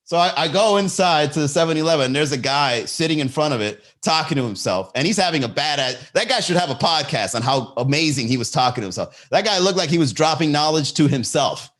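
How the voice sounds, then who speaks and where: A man hosting a comedy podcast, telling a story in a loose monologue and jumping into high voices for the people in it. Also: brisk, hardly any pauses. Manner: animated, jumps into high-pitched impressions of people in his stories.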